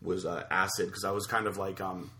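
A man's voice: sits low, fairly even intonation, noisy background. Rambling man telling a story. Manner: rambling, halting with many fillers. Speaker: podcast co-host. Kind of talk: casual storytelling chat.

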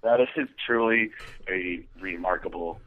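A man's voice: low-pitched, unhurried. A man co-hosts a casual podcast, trading wry, crude remarks and stumbling over fillers. His voice comes through thin and tinny, like a phone line. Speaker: podcast co-host. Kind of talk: casual chat.

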